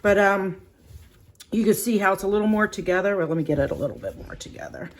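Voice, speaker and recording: Speaking quickly in a medium-pitched voice, a middle-aged woman rambles through a casual home baking demo, full of fillers and restarts. The kneading leaves her voice a little shaky.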